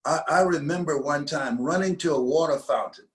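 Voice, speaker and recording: A man's voice: fairly high pitch, poor audio. Older man telling an emphatic story. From United States. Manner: emphatic, slows down to stress key phrases. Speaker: interview guest. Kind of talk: motivational storytelling.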